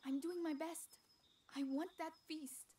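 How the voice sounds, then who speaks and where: A woman's voice: high-pitched, steady tone, unhurried, dark tone, a little hiss or hum. An actress voicing a determined teenage girl hunting with a sling, eager and urgent, in game dialogue.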